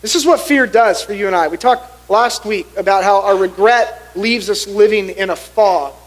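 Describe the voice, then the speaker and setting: Brief: middle-aged male pastor, high voice, animated storytelling sermon. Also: moderate pace, low-quality recording. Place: church sanctuary.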